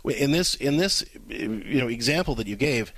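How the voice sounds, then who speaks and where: A man's voice: mid-range voice, moderate pace, breathy edge, dry recording. A man co-hosting an advice talk show, speaking emphatically and acting out examples. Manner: emphatic, animated, acts out examples. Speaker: radio co-host, counselor.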